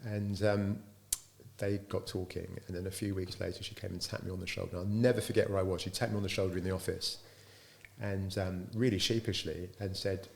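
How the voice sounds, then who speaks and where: A man's voice: deep voice, fairly quick, creaky. A middle-aged man, a business founder, tells anecdotes in an interview and acts out the dialogue in them. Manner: lively storyteller who acts out quoted dialogue.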